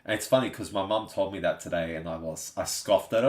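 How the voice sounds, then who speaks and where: A man's voice: low-pitched, fast talker, few pauses, a little mellow. A man with an Australian accent, hosting a live stream in a laid-back, chatty way, reading out and answering viewer comments. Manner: chatty, laid-back, says "you know what I mean" often. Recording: echoey room.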